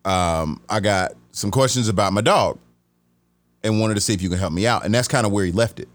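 A man from Atlanta hosting a podcast, telling a story in a casual, animated way, restarting sentences and acting out the voices he quotes. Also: on the low side, a little fast, dry recording. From Atlanta, USA.

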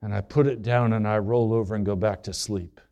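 A man's voice: fairly low pitch, fairly even intonation, a little fast, warm tone, dull audio, pitched below the performer's own voice, lightly acted. A man preacher quoting a wary young woman in his own voice. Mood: defensive.

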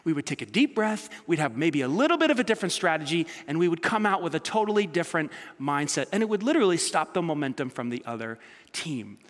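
A male pastor preaching a sermon, shifting between loud emphatic lines and quiet, low ones. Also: very animated, quick pace. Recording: long reverb of a large hall.

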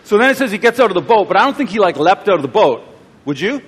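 A pastor giving a sermon, telling a story and acting out its scenes with voices and asides to the crowd. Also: male voice, sits high, very animated, fast talker, slightly rough. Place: church auditorium. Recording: live church recording with long hall reverb.

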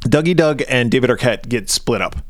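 In a clean studio recording with no room sound, a man in his thirties speaks at medium pitch, animated and brisk. Co-hosting a podcast, he recaps a film in crude banter, swearing, laughing and rambling along.

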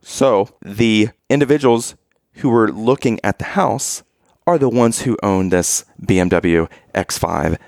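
A man's voice: lowish voice, measured pace, creaky, no room sound, studio quality. A man casually telling a story on a podcast, acting out the people in it as he goes. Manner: animated storyteller, acts out quoted exchanges.

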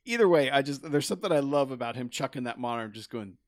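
Podcast co-host, male, mid-pitched, dry close mic, animated recaps full of stammered restarts. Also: racing, dry recording. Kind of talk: casual movie-review chat.

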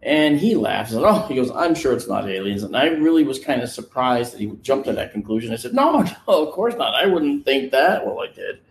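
A man casually telling a personal story in an animated way, acting out the voices of the people he quotes. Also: mid-range voice, fairly quick, creaky, hardly any pauses, reverberant, slight background noise. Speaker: guest recounting a personal experience. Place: on location, indoors.

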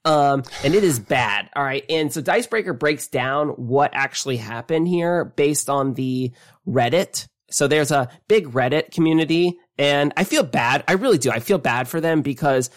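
A man co-hosting a tabletop gaming podcast, talking in a casual and animated way, often trailing off and restarting his sentences. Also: fairly high pitch, moderate pace. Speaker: podcast co-host.

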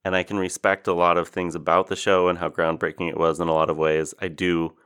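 A man co-hosts a podcast, talking casually with blunt, sarcastic, dry humor. His voice sits very low. He speaks into a close mic. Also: little pitch movement, fast, a bit bright, clear, resonant tone. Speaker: podcast co-host. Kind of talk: casual chat.

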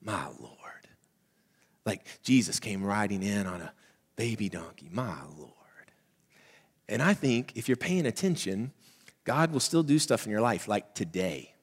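Southern male pastor, conversational sermon, loud-to-hushed swings, reverberant hall. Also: fairly low pitch, expressive, normal speed.

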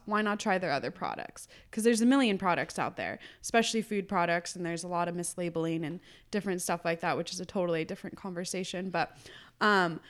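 Woman telling animated stories. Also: mid-range voice. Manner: animated storytelling, acts out customer quotes. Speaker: food business co-owner, guest. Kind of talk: casual podcast conversation.

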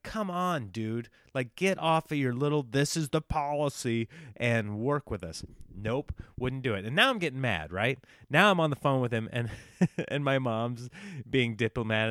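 Young guy, casual storyteller, animated and chatty, smooth voice, dry close recording. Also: mid-range voice, no echo. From small-town United States. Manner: animated, acts out quoted dialogue, frequent fillers and restarts.

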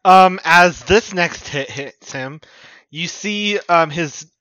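A man's voice: sits high, slow, pushed and bright, no echo. A man playing in a tabletop game, describing his character's actions with hesitant fillers and frequent laughs. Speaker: player.

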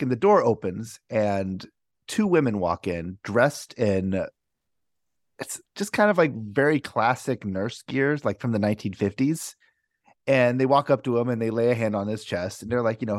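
A man's voice: medium pitch, lively intonation, moderate pace, dry recording, studio quality. A man playing a tabletop game, narrating his character's scene casually and crudely. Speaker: player.

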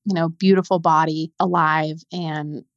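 A young adult woman, a podcast guest, telling a painful personal story in a halting way, repeating words when it gets hard. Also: low voice, flat delivery, no room sound, dull audio.

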